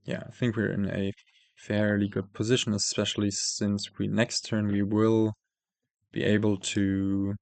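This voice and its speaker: A man plays a card game and commentates casually, losing his voice as he thinks aloud with plenty of fillers and self-corrections. He sounds low, gravelly and darkish, keeps a level tone and speaks a little slowly. No room sound is audible.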